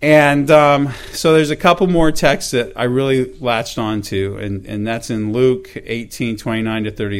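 A middle-aged man giving a personal church testimony, earnest and halting, with many fillers and repeated words. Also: mid-range voice, steady tone, smooth. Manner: reads scripture aloud in old-fashioned wording.

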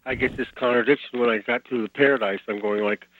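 A man's voice: medium pitch, steady tone, fast talker, no room sound. A man calling in to a radio program, thinking aloud about a passage that puzzles him. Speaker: caller. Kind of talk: phone-in question. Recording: tinny phone line.

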